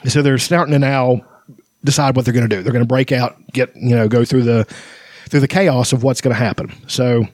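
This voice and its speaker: A man's voice: mid-range voice, steady tone, brisk, darkish tone, no echo. A man hosts a casual chat about a fantasy book, mixing read-aloud passages with rambling comments. He laughs often and trips over his words. His voice sits mid-range, and the sound is dry and close. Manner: chatty, laughs often, many fillers and restarts. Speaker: podcast host.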